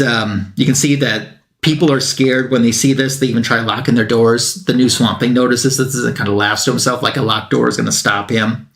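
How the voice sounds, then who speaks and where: A man casually recapping a comic book story for a review show, with lots of fillers and restarts and a quick patter when he quotes the characters. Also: mid-range voice, fairly bright tone. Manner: loose retelling with many fillers and restarts, quick lines when quoting characters. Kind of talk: casual comic recap, reading dialogue aloud.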